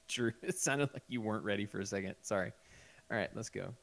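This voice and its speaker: A man's voice: fairly low pitch, fairly quick, creaky, a bit bright. A man hosting a podcast in casual chat, introducing voicemails and laughing easily with his co-hosts. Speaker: podcast host.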